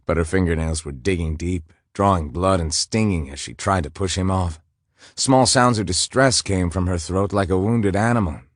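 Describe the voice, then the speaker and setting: A man narrating a romance audiobook in a measured, intimate storytelling manner. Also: sits low, no echo, studio quality.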